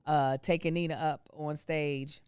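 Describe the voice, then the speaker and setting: A woman co-hosting a casual podcast, chatting and teasing as she tells stories. Her voice sits a little low and comes across smooth and clear. The sound is dry and close. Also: steady tone, unhurried, a little mellow, dry recording. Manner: chatty storyteller, teasing and laughing. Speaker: podcast co-host. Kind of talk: casual chat.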